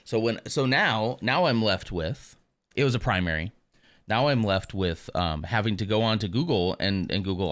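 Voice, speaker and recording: Male streamer, deep voice, dry close mic, open and rambling as he talks to chat. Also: normal speed, a bit bright, no room sound. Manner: candid and rambling, full of asides. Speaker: live streamer. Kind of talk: casual chat.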